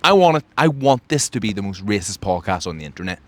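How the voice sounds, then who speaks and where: A man's voice: on the low side, very animated, fast. A man hosting a podcast, talking in a boastful, brash, mock-grandiose comedic monologue. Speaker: podcast host.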